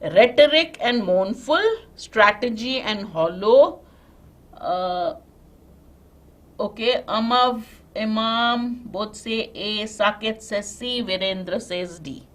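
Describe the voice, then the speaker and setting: A woman's voice: mid-range voice, slow. A woman with an Indian English accent teaching a live online vocabulary class, explaining step by step and checking in with students.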